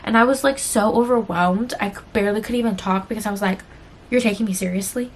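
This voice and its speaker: A woman's voice: mid-range voice, steady tone, fast talker. A woman vlogger talking candidly and emotionally to her viewers in a rambling, confessional chat full of fillers. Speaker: book vlogger.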